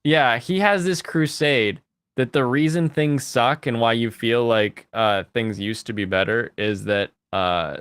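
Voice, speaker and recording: A man's voice: medium pitch, a little slow, a bit bright, clear, resonant tone, no echo. A man hosting a casual livestream chat, rambling and laughing as he thinks aloud. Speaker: host.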